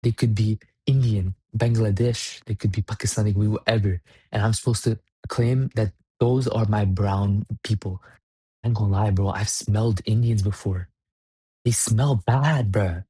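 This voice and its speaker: Young man, vlogger, profane rambling rant, low husky voice, dry close sound. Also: steady tone, normal speed, mellow, no room sound. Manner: blunt, swearing, rambling with restarts. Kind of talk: profane ranting monologue.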